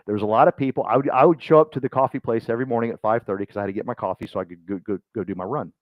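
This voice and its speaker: Animated man giving a motivational talk. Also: mid-range voice, dry recording, muffled recording. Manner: animated, joking, acts out quick voices. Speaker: speaker at a business meeting. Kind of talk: motivational talk to a live group.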